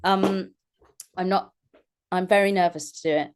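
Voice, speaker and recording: A woman's voice: on the low side, fairly even intonation, normal speed, a little hiss or hum. A woman, an actress and voice artist chatting as an interview guest, self-deprecating and laughing often as she talks. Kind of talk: casual interview chat.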